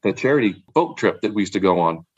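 A man's voice: fairly low pitch, lively intonation, fast, darkish tone, husky, no echo, muffled recording. A man in casual chat, rambling about wine with repeated words and frequent laughs. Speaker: podcast guest, wine collector.

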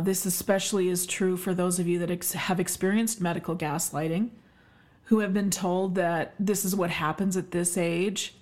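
A middle-aged woman from Canada hosting her own podcast solo, talking in an emphatic, effusive way with many ums and uhs. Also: lowish voice. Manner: warm, emphatic, effusive with frequent fillers. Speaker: podcast host, health expert.

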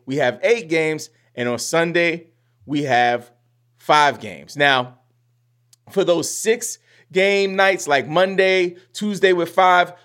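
Casual podcast host, young man, slangy and chatty, voice on the higher side. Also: fairly bright tone. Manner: chatty, slangy, acts out listeners' reactions. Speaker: fantasy basketball podcast host.

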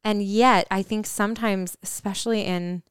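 A woman in casual conversation, thinking aloud candidly and often pausing with fillers. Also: mid-range voice, steady tone, clean tone, dry recording, clean studio sound.

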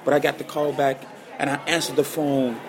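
A man guitarist telling an emotional personal story as a guest, animated and repeating phrases for emphasis. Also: medium pitch, fairly quick, a crowd in the background.

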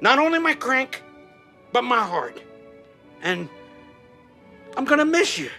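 A man's voice: very high-pitched, sing-song, slow, sharp tone, heavily acted. An actor playing a crude, sentimental older man giving a mock-tender farewell in a TV comedy scene. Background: faint music.

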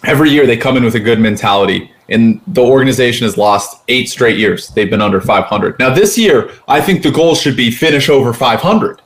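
A man co-hosting a casual sports podcast, talking in loose, rambling runs packed with fillers and restarts. His voice sits at an ordinary middle pitch for a man, and he keeps the talk chatty and unscripted. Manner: rambling, quick, many fillers like "like". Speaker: podcast co-host.

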